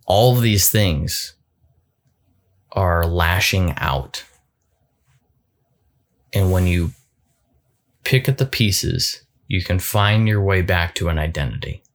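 Deep-voiced guy coaching in a solo talk, thoughtful, stumbles and restarts a lot. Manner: thoughtful, halting, repeats words, light laughs.

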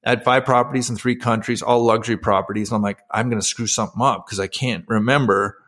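A man's voice: medium pitch, steady tone, fast, fairly bright tone. A middle-aged man, a former pro athlete and podcast guest, telling his personal story candidly and emotionally, with many fillers and restarts.

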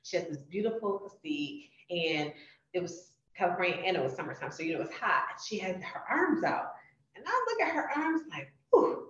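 Brief: woman podcast host, animated storyteller, slightly low voice, recorded far from the mic. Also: brisk. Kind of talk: casual interview chat. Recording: roomy, distant, muffled podcast audio.

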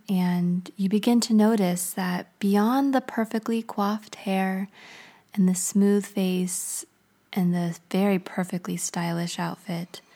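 A woman's voice: on the low side, warm tone. A woman speaker telling a vivid guided story about creativity, often in a half-whisper.

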